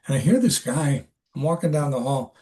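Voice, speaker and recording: A man's voice: mid-range voice, animated, dark tone. Rambling older man telling a story. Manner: rambling, halting, many restarts and fillers. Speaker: actor, podcast guest. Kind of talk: casual interview storytelling.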